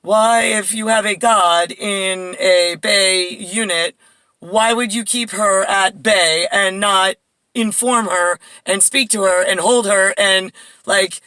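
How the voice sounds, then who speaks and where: Rambling New woman, bright dry voice. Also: medium pitch, fairly even intonation, slow, dry recording, poor audio. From Bayside, New York. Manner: rambling, jumps between tangents, muses aloud. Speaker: vlogger. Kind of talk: casual monologue to camera. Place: at home indoors.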